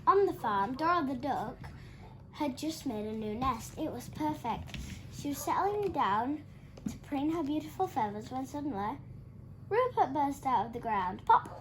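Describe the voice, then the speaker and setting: A woman reading a children's picture book aloud, lively and animated, giving the characters their own voices. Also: high voice, unhurried, a little hiss or hum, low-quality recording. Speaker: storybook reader.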